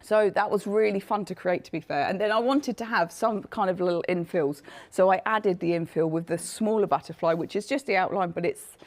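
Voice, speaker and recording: A woman with a hoarse, failing voice, chattily presenting her craft collection on a live shopping show. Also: fairly low pitch, a little fast, darkish tone. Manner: chatty, self-deprecating, laughs often. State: coughing, losing her voice.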